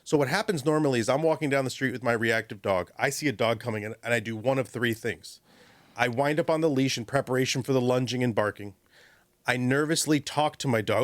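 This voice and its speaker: A man who trains dogs, giving lively advice on a radio call-in show, often acting out owners and dogs in quick little voices. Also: mid-range voice, dry recording. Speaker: dog trainer guest. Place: radio studio. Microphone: studio microphone.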